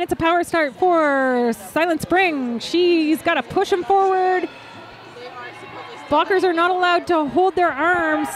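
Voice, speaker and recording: A woman announcing roller derby live, excitable and gushing. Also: very high voice. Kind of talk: live sports commentary.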